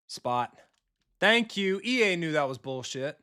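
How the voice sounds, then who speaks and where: Slightly high and smooth with a sharp edge, the man's voice is very animated yet unhurried. He streams himself playing a football video game, commentating casually, cursing freely and talking with viewers, and he also coaches football.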